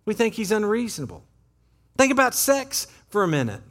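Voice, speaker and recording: Pastor, male, lively sermon delivery with a high, swooping voice, talking straight to the congregation. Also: fairly quick. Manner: animated, conversational preaching with acted-out quotes. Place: church sanctuary.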